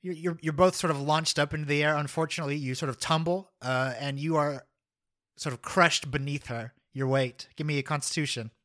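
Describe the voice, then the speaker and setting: A man running a tabletop game as game master, narrating with chuckles and halting restarts. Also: a little high, fairly even intonation, fairly bright tone.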